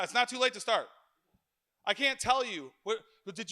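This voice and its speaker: Man, middle-aged, preaching a sermon, animated, joking stories, bright edge. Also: high voice, brisk. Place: church.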